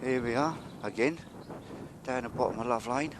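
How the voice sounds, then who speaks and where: A wry, talkative man narrates his walk beside a railway yard. His voice sits at an ordinary pitch, and he sometimes drops to a low mutter. The recording is outdoors with clear background noise. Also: moderate pace. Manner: chatty, wry, drops to a mutter when sneaking. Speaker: vlogger walking and filming. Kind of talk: casual walking commentary.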